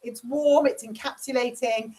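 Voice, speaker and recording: A woman's voice: on the high side, fairly even intonation, normal speed, mellow. A middle-aged woman, chatting frankly with viewers and reading out their comments while she cooks dinner. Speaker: livestream host. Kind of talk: casual chat, answering viewer comments. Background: cooking dinner while talking.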